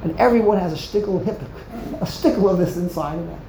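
A woman's voice: lowish voice, fast talker, warm tone, slight background noise. A woman giving a Torah lecture, emphatic, repeating phrases to drive home each point. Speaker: Torah teacher. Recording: roomy echo.

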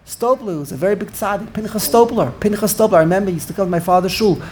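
A man's voice: high voice, fast. Older guy giving a torah class, keeps repeating himself, bit of faint noise behind. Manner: animated, repeats words, searches for words. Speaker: Torah teacher.

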